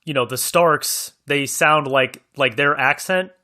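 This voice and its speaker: Bright sharp-voiced guy on a movie podcast, hedgy and earnest, laughs a lot. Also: on the high side, unhurried. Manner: earnest, hedging, laughs often. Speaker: podcast co-host. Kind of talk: casual film discussion.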